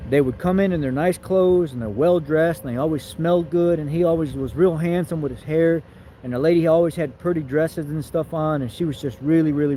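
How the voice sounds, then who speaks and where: A man's voice: fairly high pitch, mellow, a little hiss or hum, rough recording. Man telling an emotional personal story. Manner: rambling, emotional, repeats words. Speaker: vlogger.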